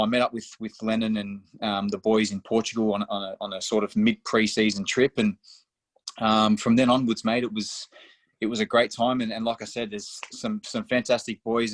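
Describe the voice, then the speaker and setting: Young aussie footy guy yarning on a podcast, says mate and swears heaps, lowish voice. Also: level tone, fairly quick, no echo. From Australia. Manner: swears freely, storytelling, says mate often. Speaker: footballer guest. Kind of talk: casual podcast interview.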